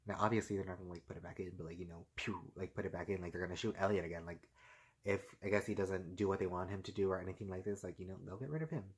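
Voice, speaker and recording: A man's voice: low-pitched, steady tone, racing, breathy edge. Rambling casual man recapping a show. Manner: rambling, heavy filler "like" and "and stuff like this"; laughs often while talking. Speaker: TV episode recapper.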